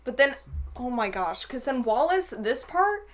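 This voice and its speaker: A young woman hosts a relaxed movie review chat. Her voice sits fairly high and rises and falls a lot. She retells the scenes in an animated way and often breaks into laughter. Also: a little slow. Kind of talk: casual chat.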